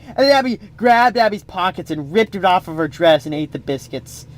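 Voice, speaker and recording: A man's voice: very high-pitched, normal speed, hardly any pauses. A man improvising a comic story, rambling with playful asides.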